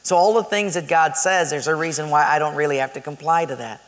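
A man preaching a sermon, telling a story in a lively way with laughter. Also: on the high side, brisk, long reverb tail.

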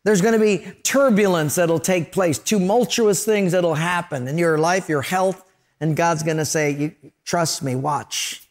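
A man's voice: high voice, normal speed. A man preaching a sermon, telling stories and acting out voices and sounds along the way. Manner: storytelling preacher, acts out voices and sound effects. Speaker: pastor.

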